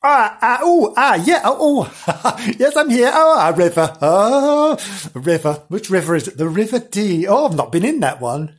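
A man's voice: high voice, big pitch swings, normal speed, husky, pitched above the performer's own voice, exaggerated voice. A man voicing Janice, a fussy, chatty woman with a prim, fluttery way of talking who always ends up in water. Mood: flustered. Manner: prim and fluttery, gasping and giggly.

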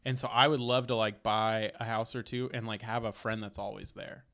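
A man's voice: lowish voice, flat delivery, brisk, gravelly, a bit bright. A man chatting casually as a co-host, rambling with lots of filler words. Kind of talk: casual chat.

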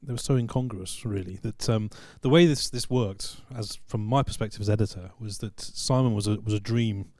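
Measured man with a low, mellow voice. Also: dry recording, clean studio sound. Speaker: magazine editor. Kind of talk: casual podcast chat.

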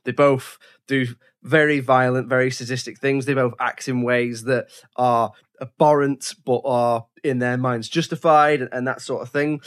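A man co-hosts a casual film podcast, thinking out loud with frequent restarts and fillers in a thoughtful manner. His mid-range voice holds a fairly even intonation at a moderate pace, with hardly any pauses.

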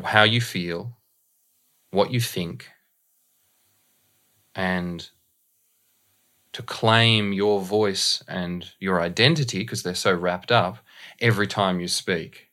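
A man, a voice and dialect coach, speaking as a podcast guest in a measured, encouraging way. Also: low-pitched, sharp tone. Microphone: video call.

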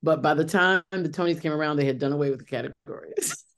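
A deep-voiced, fast-talking middle-aged woman, a Broadway actress, gives a chatty interview. She restarts her sentences a lot and leans on fillers.

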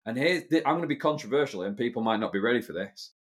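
A man's voice: mid-range voice, expressive, rapid-fire. Chatty British man co-hosting a podcast. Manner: chatty, opinionated, swearing freely. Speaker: podcast co-host. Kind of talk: casual chat.

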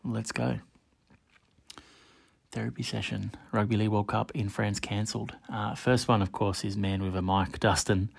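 Male podcast host, low gravelly voice, flat even delivery, dry close sound, chatty and direct with listeners. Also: normal speed, no room sound. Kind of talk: casual solo podcast monologue.

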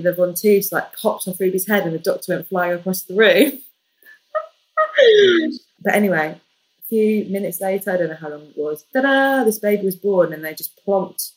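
A woman, a podcast guest, telling a personal story in a lively, jokey way. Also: fairly low pitch, moderate pace, rough recording. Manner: lively, jokey, animated retelling. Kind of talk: casual storytelling.

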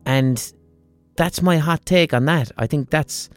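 Animated man on a podcast. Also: on the high side, takes it slowly, soft background music. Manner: animated storyteller, acts out quoted voices. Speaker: podcast host. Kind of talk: monologue on a podcast.

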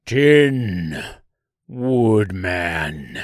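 A man voicing an evil giant male tree monster with a slow, drawn-out, mocking delivery. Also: on the low side, sing-song, dry recording, studio quality, full character voice. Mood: outraged.

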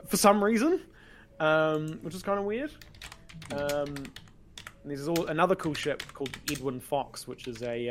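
A man hosting a podcast game show in relaxed, casual chat full of "um" fillers. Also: medium pitch. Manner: relaxed, many "um" fillers, informal.

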